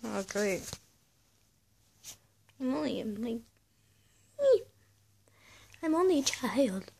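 A young teenage girl vlogs casually into a close webcam or phone, her voice sitting a little high. She rambles along and pokes fun at herself, and her talk is full of fillers and restarts. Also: lively intonation, takes it slowly, vocal fry, a little mellow, slight background noise. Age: teens. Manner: rambling, self-deprecating, lots of fillers. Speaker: vlogger. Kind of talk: casual chat to camera.

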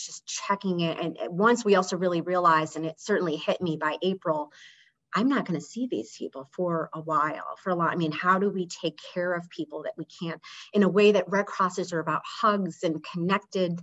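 Woman, somewhat low voice, earnest storyteller, lots of "you know" fillers, muffled lo-fi video call audio. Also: fairly bright tone. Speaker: nonprofit executive, interview guest. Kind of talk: conversational storytelling interview.

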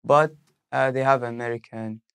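A young man with a gravelly, creaky voice talks in halting non-native English, restarting his sentences often. The sound is close and dry, with no room around it. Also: mid-range voice, steady tone, fairly bright tone, dry recording. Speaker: university student, interview guest. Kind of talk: casual interview.

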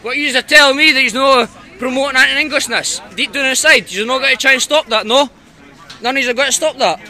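Man, heated street argument, shouts and curses; high, piercing voice; outdoor phone audio. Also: fairly quick, some chatter behind. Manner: shouting, ranting, swearing. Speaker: man confronting street campaigners. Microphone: phone camera held by the speaker.

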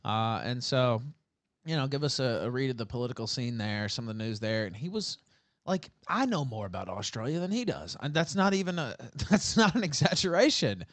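A man's voice: mid-range voice, very animated, brisk, a bit bright, no room sound. Wry male livestream host. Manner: wry, laughs while telling stories. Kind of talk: casual livestream chat.

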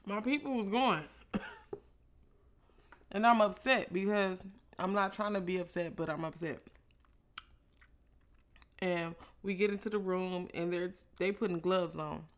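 A woman vlogger telling a casual story while eating, loose and profane, with animated reenacted exchanges. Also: fairly low pitch, a little slow, long pauses.

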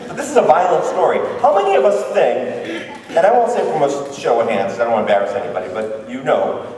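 A man's voice: mid-range voice, very animated, quick pace, darkish tone. A man preaching as a missionary, retelling a Bible story in a playful way and asking his audience questions. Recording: very echoey hall, voice from far off.

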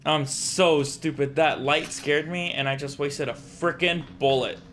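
A young man gives casual let's-play commentary while he works through a scary game. He talks slowly in a slightly raised voice and mutters to himself. He keeps addressing his viewers. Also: on the high side, fairly even intonation, a bit bright, slight background noise. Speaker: gaming streamer.

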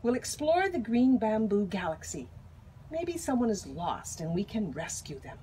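A woman voicing an eager, cheerful little boy in a storybook, speaking brightly and insistently. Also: medium pitch, very animated, moderate pace, a little hiss or hum, natural voice.

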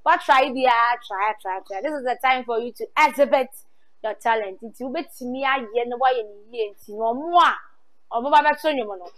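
High-voiced Ghanaian woman interviewer. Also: moderate pace. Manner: lively, repeats answers back, mixes in English. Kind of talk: on-the-spot talent show interview.

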